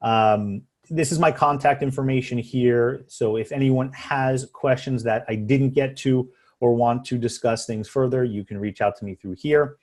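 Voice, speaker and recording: A man's voice: medium pitch, normal speed, a little mellow. Man, attorney presenting webinar over video call, explanatory, lots of fillers. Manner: explanatory, many fillers and restarts.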